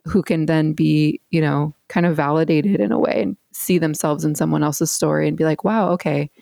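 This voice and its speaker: A woman's voice: low voice, steady tone, moderate pace, creaky, dark tone, dry recording, studio quality. A woman hosting a podcast, talking earnestly and casually with lots of "like" and "you know" fillers. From United States. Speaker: podcast host.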